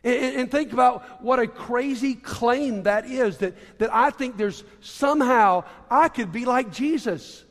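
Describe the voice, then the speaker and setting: Male preacher, chatty storytelling delivery, pitched high, big hall reverb. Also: measured pace, few pauses. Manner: storytelling, conversational, with repeated restarts. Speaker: pastor. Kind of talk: sermon.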